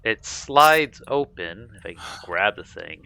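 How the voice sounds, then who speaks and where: Bright, clear-voiced male game master. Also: lowish voice, sing-song, unhurried. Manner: casual, loose narration with fillers and laughs. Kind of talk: narrating a tabletop game.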